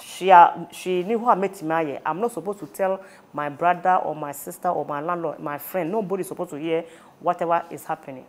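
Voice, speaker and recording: Speaking in a lowish, darkish voice, a Ghanaian-accented woman appears as a guest giving personal testimony about an ordeal she went through. She tells it earnestly, switching rapidly between Twi and English.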